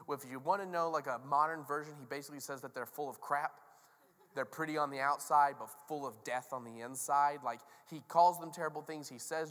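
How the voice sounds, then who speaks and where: In a church sanctuary, a male pastor preaches a conversational sermon full of jokes and animated stories, the long reverb of a large hall around him. His voice is on the high side and fairly quick.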